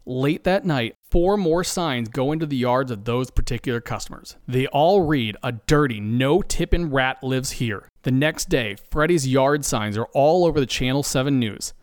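A man narrating a comedic story in a playful, deadpan way. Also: mid-range voice, moderate pace, hardly any pauses, no room sound, studio quality.

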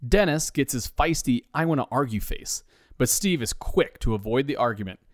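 A man's voice: medium pitch, expressive, normal speed, dry recording. A man narrating a comedy story in a dry, wry storytelling manner.

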